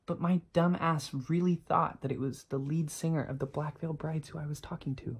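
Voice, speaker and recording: Animated, self-mocking young man vlogging. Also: on the high side, moderate pace. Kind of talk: storytime vlog.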